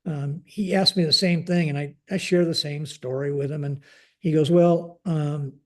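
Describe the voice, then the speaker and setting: Older guy, ex air force general, rambling story w/ lots of um and you know, voice a bit high. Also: steady tone, moderate pace, fairly bright tone. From United States. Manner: conversational, acts out dialogue in quotes, frequent fillers. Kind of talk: storytelling in a podcast interview.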